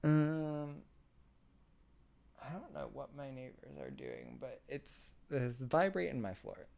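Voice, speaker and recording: Taking it slowly with big swings in pitch, his medium voice carries vocal fry and a darkish tone. As host of a laid-back livestream, he reads chat out loud, mocks it sarcastically, laughs and repeats himself.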